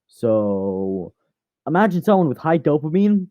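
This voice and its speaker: A man's voice: on the high side, very animated, unhurried, no room sound, phone-quality sound. A man rambling through a casual fan story, chatty and often correcting himself.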